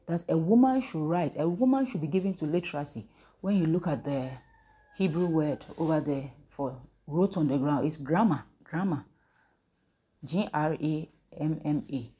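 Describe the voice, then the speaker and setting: A woman leads a Bible lesson and keeps asking her listeners questions so they answer back. Her voice sits low and sounds mellow and warm. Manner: call-and-response, asks the listeners questions. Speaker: preacher. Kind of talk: interactive Bible teaching.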